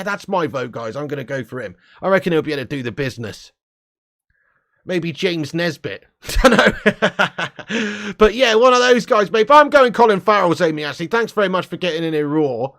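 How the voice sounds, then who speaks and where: A man hosting a live stream, chatting casually and joking with viewers, often dropping low for a punchline. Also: a bit bright. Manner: jokey banter, drops into a low voice for punchlines. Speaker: livestream host. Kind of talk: casual live-chat commentary.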